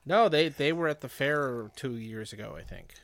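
A man's voice: mid-range voice, expressive, normal speed, a bit bright, a little hiss or hum. A man chats loosely as a podcast co-host. He rambles and often stops to restart his sentences. His tone is easygoing and conversational. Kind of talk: casual chat.

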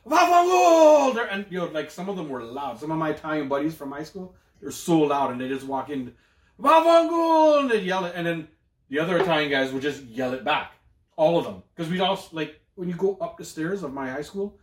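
A Canadian man rambles through a casual podcast chat, swearing freely and slinging slang. His voice sits a little high for a man. The room around him rings with echo. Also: a little fast. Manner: loose, profane storytelling with slang. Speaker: podcast co-host.

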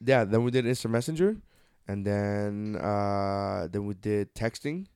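A man's voice: lowish voice, unhurried, a little mellow, clean tone, no echo. A young man co-hosting a casual podcast, telling rambling, profane stories into a studio mic. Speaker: podcast co-host. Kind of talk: casual chat. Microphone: studio microphone.

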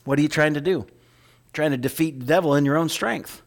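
Man, pastor, sermon, conversational, checks in with the listeners, loud emphasis, hushed soft passages. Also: fairly high pitch, fairly quick. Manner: conversational, asks the congregation "right?".

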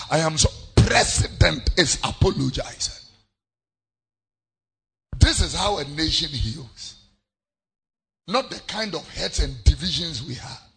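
A man with a Ghanaian accent preaching a sermon, repeating his phrases and breaking into sudden shouts. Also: a little high, creaky, slightly rough. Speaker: pastor.

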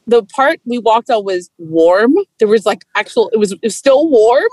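A woman chatting casually in a bubbly way, her slightly high voice bouncing up and down. She fills her talk with "like", and the sound is dry and close. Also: lively intonation, normal speed, a little mellow, no echo, rough recording. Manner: bubbly, lots of "like", laughs often. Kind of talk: casual chat.

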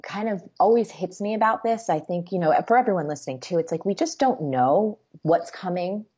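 A woman hosting a show and telling stories in an animated, chatty way, acting out quotes as she goes. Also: fairly low pitch, fairly quick, breathy edge. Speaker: show host and business coach. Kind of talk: conversational storytelling. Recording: slightly muffled lo-fi audio.

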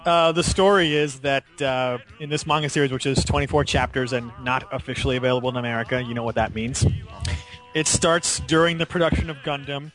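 A man hosting a podcast in casual discussion, animated and laughing often as he retells a story. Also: medium pitch, brisk, faint music behind. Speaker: podcast host.

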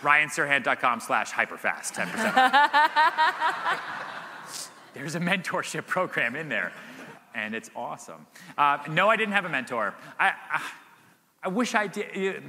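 A man in his thirties, a guest at a live summit, tells stories with lots of laughs and "like" fillers. His voice is very bright and cutting. It echoes through a large hall. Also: on the high side, unhurried, pauses often, a little hiss or hum. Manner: animated storyteller, laughs often, many "like" fillers. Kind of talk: live Q&A storytelling. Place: event stage. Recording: reverberant hall.

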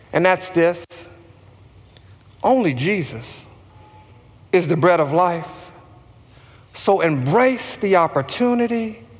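A man's voice: sits high, long reverb tail. A man preaching a sermon as pastor, calling out questions for the congregation to answer back. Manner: preaching with call-and-response to the congregation.

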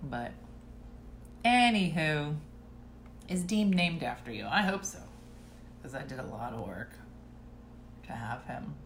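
A middle-aged woman telling family stories in a casual chat to viewers, laughing and clearing her throat now and then. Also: low-pitched, animated, slow pace, long pauses, echoey room, slight background noise.

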